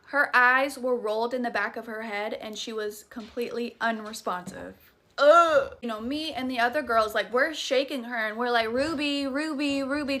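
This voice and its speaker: A woman's voice: fairly high pitch, pushed and bright. A young woman with a Southern US accent, dramatically telling a scary story in a chatty, profane, casual way. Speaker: TikTok creator.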